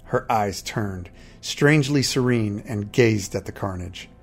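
A man narrating a first-person fantasy story in a steady, measured storytelling manner. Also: fairly low pitch, faint music behind.

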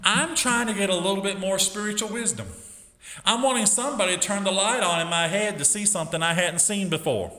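Middle-aged male teacher testifying, emphatic storyteller, bright slightly high voice, long hall reverb. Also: brisk. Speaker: school teacher giving a testimony.

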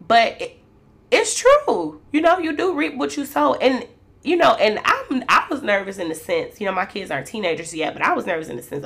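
Chatty woman with a gravelly voice. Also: a little high, big pitch swings, moderate pace, a bit bright. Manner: chatty and candid, addresses listeners as "y'all". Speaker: mother sharing reflections. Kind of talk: casual faith-based talk.

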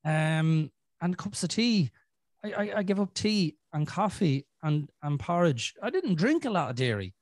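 A man's voice: on the high side, darkish tone, no room sound. Sweary Irish man in casual chat. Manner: rambling, frank and sweary, with many restarts. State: clearing his throat from a chest infection. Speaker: podcast host.

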